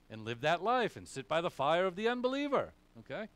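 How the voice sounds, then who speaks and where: A man's voice: mid-range voice, expressive, brisk, hardly any pauses, a bit bright. A male pastor preaching a sermon, emphatic, asking questions and answering them himself. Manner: emphatic, asks and answers his own questions.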